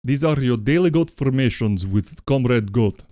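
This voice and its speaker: A bellowing goat comrade with a thick put-on Russian accent, as a man puts him on, ordering listeners to love themselves and cursing between slogans. His pitch swings widely and the sound is dry and close. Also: animated, normal speed, mellow, no echo, lightly acted. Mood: mock-stern. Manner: mock-stern, barking slogans, profane. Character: boisterous male goat communist comrade giving pep talk. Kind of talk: comedic affirmation bit on livestream.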